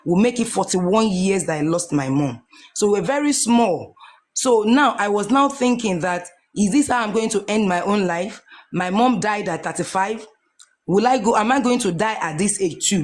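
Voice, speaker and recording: A woman's voice: mid-range voice, lively intonation, moderate pace, darkish tone. A Nigerian woman in her forties giving an emotional personal testimony, earnest and repeating her phrases as she goes. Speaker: guest sharing a testimony.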